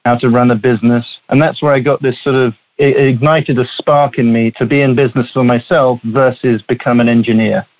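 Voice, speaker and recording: A man's voice: medium pitch, steady tone, fairly quick, few pauses, dry recording, muffled recording. A man in his fifties with an English accent, a company chief telling his story as a podcast guest in easy, chatty talk. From southeast England. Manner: chatty storyteller with small restarts. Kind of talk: casual interview chat.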